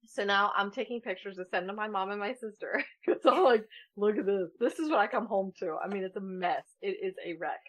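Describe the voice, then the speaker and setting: A woman's voice: medium pitch, fairly quick. A woman in her thirties co-hosting a podcast, telling a funny family story in casual chat and laughing often. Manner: animated, laughs often while telling stories. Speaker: podcast co-host.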